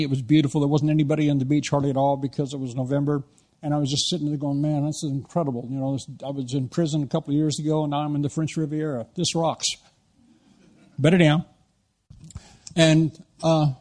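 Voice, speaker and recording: An American man, middle-aged, preaching a sermon as an animated storyteller who acts out the lines he quotes. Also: fairly high pitch. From United States.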